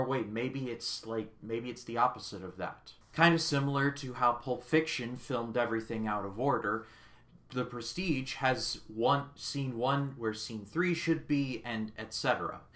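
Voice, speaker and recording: A man hosting his own movie review channel, talking casually and with enthusiasm, full of jokes and quick asides. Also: medium pitch, a bit bright.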